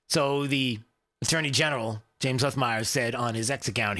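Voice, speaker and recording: A man's voice: medium pitch, normal speed, bright, forceful tone. A man hosting a talk radio show, rambling conversationally with plenty of fillers and restarts.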